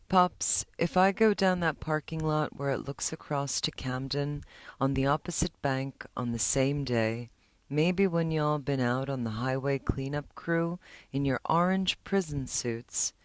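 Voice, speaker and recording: A lonely, angry teenage boy, read by a woman in an unhurried, earnest way. The sound is dry and close, with no room around the voice. The pace stays slow and deliberate throughout. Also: rumbling low, no echo.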